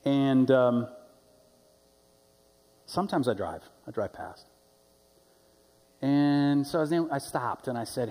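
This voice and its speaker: Husky-voiced pastor preaching a sermon. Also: male voice, medium pitch, moderate pace, long pauses, dark tone. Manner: conversational storytelling, rising to emphatic preaching. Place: church sanctuary. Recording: long church-hall reverb.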